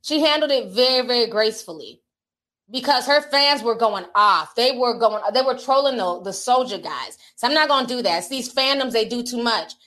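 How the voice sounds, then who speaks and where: Lady vlogger with a high voice, chatty and blunt, talking right at her viewers. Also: expressive, normal speed, fairly bright tone. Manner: candid, chatty, addresses viewers directly; reads out social media comments. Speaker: entertainment commentator. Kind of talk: casual talk-to-camera commentary.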